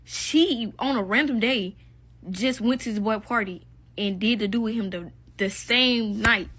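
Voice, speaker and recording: Bright-voiced young woman, blunt and gossipy. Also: on the high side, measured pace. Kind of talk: casual story time.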